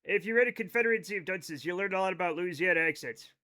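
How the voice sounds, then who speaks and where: Man in his thirties, American, live streamer, high voice, bright tone, joking casual chat. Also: fast talker. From United States. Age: 30s. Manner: joking, reads chat aloud. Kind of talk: casual chat while gaming.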